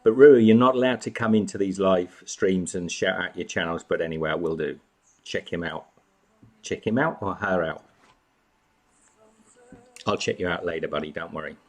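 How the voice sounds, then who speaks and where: A man's voice: deep voice, normal speed, long pauses. A man hosting a casual live chat from home, greeting viewers by name and snacking as he talks. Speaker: live stream host.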